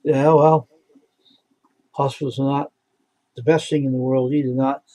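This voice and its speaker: A man's voice: medium pitch, level tone, moderate pace, dark tone, dry recording. A man chatting casually on a live stream. He tells blunt, rambling stories and repeats himself. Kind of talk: casual chat.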